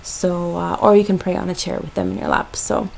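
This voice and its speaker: A woman's voice: fairly low pitch, little pitch movement, fairly quick, vocal fry, a little hiss or hum, poor audio. A young woman from Jamaica, a mother, giving parenting tips in a casual, chatty vlog with lots of ums and likes.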